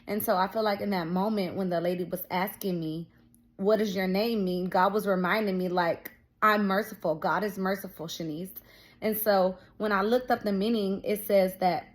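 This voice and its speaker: Speaking directly to her audience, a young woman gives a personal testimony of her faith in a relaxed, offhand way. Her mid-pitched, everyday voice is peppered with "like" and "um," and she acts out what each person said as she tells the story.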